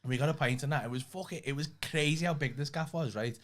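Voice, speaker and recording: A man's voice: fairly high pitch, fast talker. Laughing, swearing man. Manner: swears freely, tells stories with lots of laughing. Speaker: podcast co-host. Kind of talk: casual chat.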